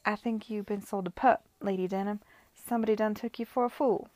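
A woman's voice: medium pitch, steady tone, brisk, a little mellow, no echo, natural voice. A woman reading aloud, voicing a defiant young heiress who mocks her hostess in a broad Caribbean patois. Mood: mocking. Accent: Caribbean patois (put on). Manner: mocking, broad.

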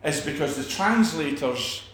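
A man's voice: on the high side, animated, a little slow, a bit bright, reverberant. A man preaching a sermon, emphatic, with repeated phrases and restarts.

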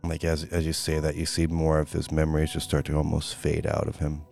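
A man's voice: extremely low pitch, monotone, vocal fry, a little mellow, soft background music. A man narrating and playing characters in a tabletop role-playing game, rambling with many fillers. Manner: rambling, fillers, switches into quick character voices. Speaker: player and narrator.

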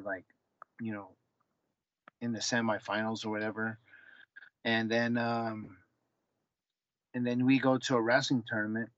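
A man's voice: lowish voice, no echo. A man in his forties, a former fighter and wrestling coach, telling a long story in a casual interview, full of fillers and restarts, acting out the dialogue. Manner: rambling, many fillers and restarts, acts out dialogue. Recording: dull, slightly lo-fi, dry sound.

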